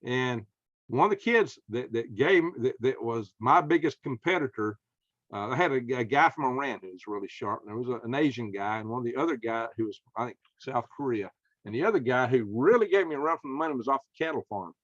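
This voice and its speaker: A man with a Southern American accent talks in a folksy, emphatic way as host of a casual conversation. His voice sits at an ordinary pitch. The sound is dry, close and slightly muffled. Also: expressive, fairly quick, a bit bright, dry recording. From Southern United States. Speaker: podcast host.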